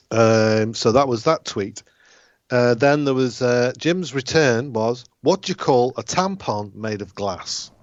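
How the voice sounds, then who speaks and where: A man hosts a loose comedy podcast, rambling through jokes and swearing casually. His voice sits at an ordinary pitch and comes through slightly dull and lo-fi. The sound is dry and close. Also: takes it slowly, long pauses, no echo.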